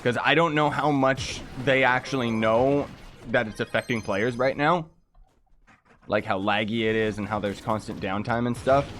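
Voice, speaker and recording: A man as a game streamer, casual, frustrated ranting, mid-pitched voice, faint music underneath. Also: a bit bright. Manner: frustrated ranting with quick exclamations. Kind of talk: casual live-stream chat while gaming.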